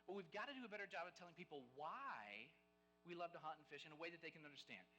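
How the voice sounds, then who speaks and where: A man giving a live storytelling speech as guest speaker at a game dinner, animated and conversational, acting out the lines of the people in his stories. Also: fairly high pitch, fast talker, a little hiss or hum, low-quality recording.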